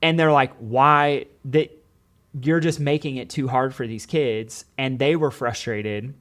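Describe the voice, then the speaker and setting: A man's voice: medium pitch, measured pace, fairly bright tone. A man, a former teacher, talking in a casual podcast conversation, telling earnest stories and quoting his students and their parents. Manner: earnest storytelling with many "like"s and quoted dialogue.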